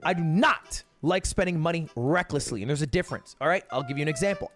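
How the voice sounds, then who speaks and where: Brief: young guy ranting through a funny story, swears a lot, slightly high voice, faint music behind. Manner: profane, exasperated, comic retelling. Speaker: streamer. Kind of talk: animated storytelling.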